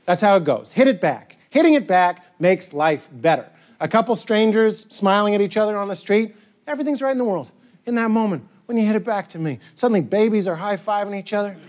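High-voiced, goofy stand-up comedian. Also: male voice, brisk. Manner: animated, goofy, bursts into shouted bits. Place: comedy stage before a live audience. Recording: live audience laughter.

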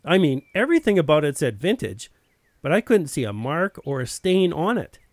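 A man's voice: fairly high pitch, sing-song, normal speed, no echo, clean studio sound. A man telling a first-person story in a plain, wry narrating voice.

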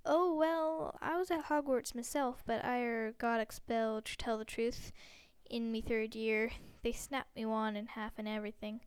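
A woman's voice: a little high, fairly even intonation, normal speed, hardly any pauses, clean tone, dry recording, natural voice. A woman reading an audiobook, voicing a giant, bearded male gamekeeper who speaks bluntly in a folksy, clipped dialect. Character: giant bearded male gamekeeper, gruff, loyal, hot-tempered.

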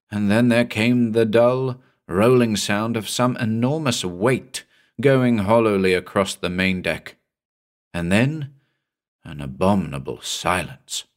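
A man narrating a horror story in a measured, suspenseful reading. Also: fairly low pitch. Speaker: audiobook narrator.

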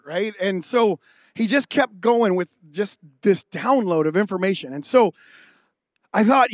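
A man's voice: high voice, lively intonation, unhurried, no echo, clean studio sound. A male pastor giving a sermon with casual, humorous storytelling.

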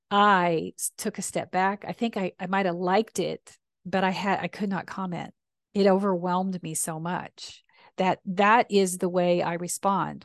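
A woman's voice: medium pitch, no echo, clean studio sound. A middle-aged woman, a reverend hosting a podcast and sharing personal memories in a confessional, storytelling way. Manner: warm storytelling, confessional, with acted quotes. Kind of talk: personal reflective talk.

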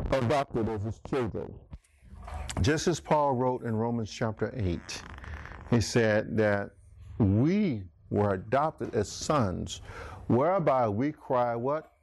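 A man's voice: mid-range voice, no echo. A man preaching a sermon, emphatic, calling out listeners by name. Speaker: pastor.

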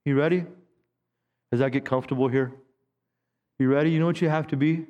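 A man's voice: a little high, fairly even intonation, fairly quick, warm tone, big-room sound, lo-fi sound. A man in his fifties, a pastor preaching a sermon in a conversational way, with stammered restarts. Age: 50s. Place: church sanctuary.

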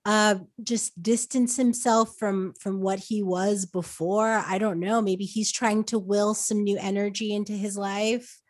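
A woman hosting a pop culture podcast in a loose, conversational way. Her voice sits at a middle pitch, and she fills her sentences with "um" and "like" as she riffs on celebrity news. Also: flat delivery, unhurried, darkish tone, no room sound. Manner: chatty, lots of fillers like "um" and "like". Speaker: podcast host. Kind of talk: casual chat.

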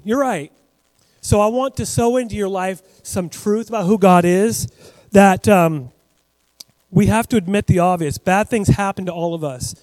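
A man preaching a sermon as pastor, talking in a conversational, animated way with asides to the congregation. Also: high voice, moderate pace, in a large hall, rough recording.

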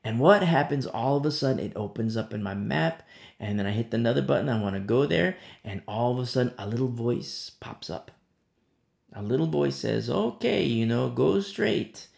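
Male preacher, gravelly, chatty storyteller, recorded in a reverberant room. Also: medium pitch, brisk, darkish tone. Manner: conversational storytelling with frequent "you know". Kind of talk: sermon.

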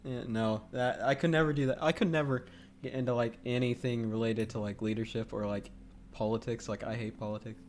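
A man's voice: mid-range voice, steady tone, fairly quick, a little hiss or hum. A man hosting a casual podcast chat, joking around, laughing often and stumbling over restarts. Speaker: podcast host.

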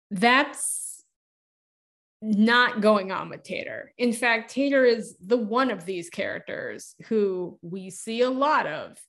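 A woman's voice: medium pitch, a bit bright. A woman co-hosting a podcast in casual discussion, wry and opinionated, with dry asides. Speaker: podcast co-host.

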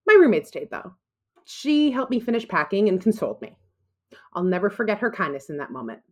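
Woman, thirties, storyteller, earnest, self-deprecating, emotional, medium pitch. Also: sing-song, fairly quick, darkish tone. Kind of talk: personal storytelling.

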